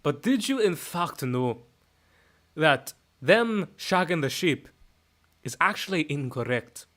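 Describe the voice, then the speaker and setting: A man's voice: fairly high pitch, animated, slow. A man putting on a brash, foul-mouthed Scotsman. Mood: ranting. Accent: put-on Scottish. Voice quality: loud, swearing, boastful. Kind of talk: comic impression on a live stream.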